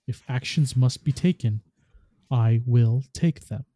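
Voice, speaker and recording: A man reading the lines of a composed, authoritative woman leader who speaks with quiet authority. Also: mid-range voice, slow, no echo, clean studio sound.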